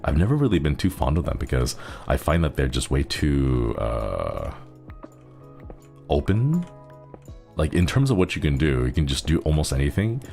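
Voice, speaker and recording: Very deep gravelly man, easygoing streamer. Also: big pitch swings, moderate pace, dark tone, faint music behind. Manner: rambling, chuckles often, thanks viewers. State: resting a strained throat. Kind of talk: casual gaming stream chat.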